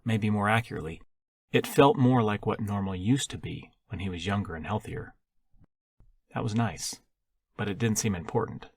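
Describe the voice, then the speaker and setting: Low husky male audiobook reader. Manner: steady storytelling, voicing the characters in dialogue. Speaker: author reading his book. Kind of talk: audiobook narration.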